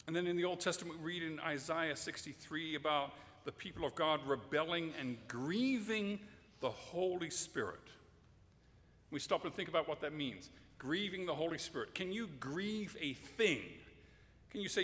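A man's voice: on the high side, animated, moderate pace, a bit bright, big-room sound. A man preaching a sermon, emphatic and direct, sometimes addressing children in the audience.

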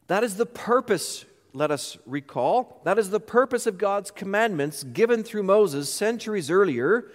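A man's voice: sits high, expressive, measured pace, hardly any pauses, big-room sound. A man pastor delivering a sermon, emphatic and full of rhetorical questions.

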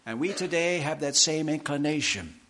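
A man preaching a sermon, slow and emphatic, with deliberate pauses. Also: on the high side, a bit bright. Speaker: pastor.

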